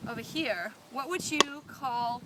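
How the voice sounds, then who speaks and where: A woman's voice: on the high side, slow pace. Playful Australian woman teaching outdoors. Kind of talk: humorous scripted explainer. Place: outdoors near a tree. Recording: noisy outdoor street recording.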